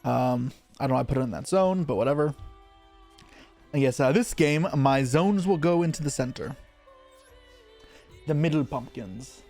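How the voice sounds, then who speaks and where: This is live gameplay commentary: a man streams an online card game, explaining each move as he plays. His voice is middling in pitch, his quick muttered remarks tumble into one another as he thinks aloud, and soft music plays faintly below.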